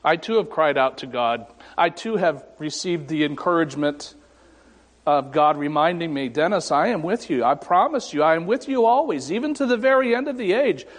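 A man preaching a sermon as pastor, pausing dramatically and voicing scripture and God's words with rising emphasis. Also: a little high, expressive. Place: church sanctuary. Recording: long hall reverb.

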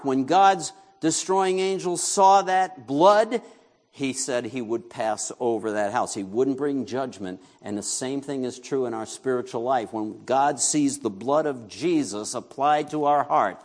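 A man's voice: medium pitch, darkish tone. A man from New York preaching a sermon as pastor, talking conversationally, asking the congregation questions and joking with them.

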